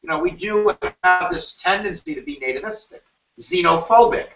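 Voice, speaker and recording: A man giving an animated, jokey history review lecture as a teacher, acting out quoted voices now and then. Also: high-pitched, moderate pace, vocal fry, faint music behind. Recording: roomy, distant, dull sound.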